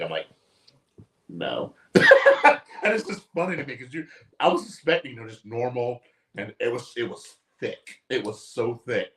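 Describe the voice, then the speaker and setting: A man co-hosting a casual chat show, telling animated stories and swearing freely. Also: mid-range voice, moderate pace, pauses often, reverberant, slight background noise. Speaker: co-host.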